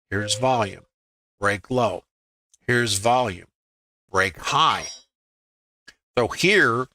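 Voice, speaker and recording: Bright-toned man thinking aloud over charts. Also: on the low side, dry recording. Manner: thinks aloud, acts out his own inner voice. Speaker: trading educator on a live stream. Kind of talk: live screen-share trading review.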